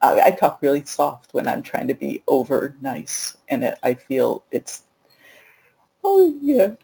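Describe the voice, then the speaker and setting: A woman putting on an over-nice, soft, cartoonish voice on a group call, breathy and giggly. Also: high voice, huge pitch swings, slow pace, heavily acted, poor audio. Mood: sugary, giggly.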